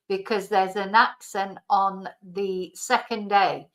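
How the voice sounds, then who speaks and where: A woman teaching fruit vocabulary in a bilingual lesson, slowly and carefully repeating each word for pronunciation. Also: medium pitch, fairly even intonation, fairly bright tone, rough recording. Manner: slow, careful pronunciation drills. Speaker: language teacher.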